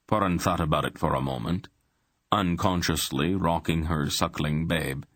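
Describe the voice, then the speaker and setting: Deep husky male audiobook narrator. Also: moderate pace, a bit bright, no echo. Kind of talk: scripted narration.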